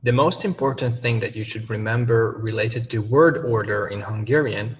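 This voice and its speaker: A man teaching grammar to learners, pausing often with fillers and correcting himself as he slows down for examples. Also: medium pitch, long reverb tail, recorded from a distance, dull audio, over loud music. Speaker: language teacher.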